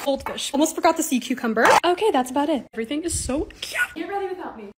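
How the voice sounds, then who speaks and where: Bubbly high-voiced young woman vlogger. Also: animated, quick pace, very noisy. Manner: bubbly, gushing. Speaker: lifestyle vlogger. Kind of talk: casual vlog voice-over.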